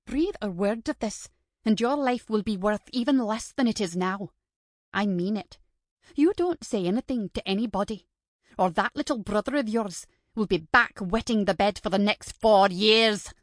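A woman's voice: mid-range voice, moderate pace, dry recording, studio quality, close to an everyday voice. A woman voicing a spiteful, bullying older female teacher with a stern, contemptuous way of scolding. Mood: threatening.

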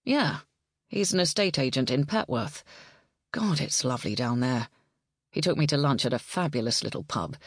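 Casting: woman reads a relaxed young Englishman, teasing, low dry voice. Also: husky, dry recording, full character voice. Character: young English man, a cheerful designer.

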